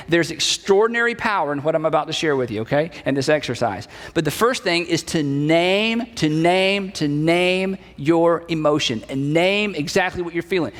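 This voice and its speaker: A man's voice: high-pitched, a bit bright. A middle-aged man preaching a sermon in a conversational way, repeating key phrases and acting out bits of dialogue. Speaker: pastor. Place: church sanctuary. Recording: reverberant church hall.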